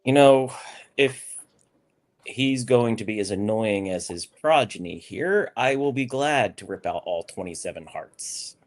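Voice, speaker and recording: A man's voice: lowish voice, expressive, unhurried. A man voicing a stern, proud male celestial warrior in a tabletop role-play, speaking in a haughty, clipped way. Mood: scornful.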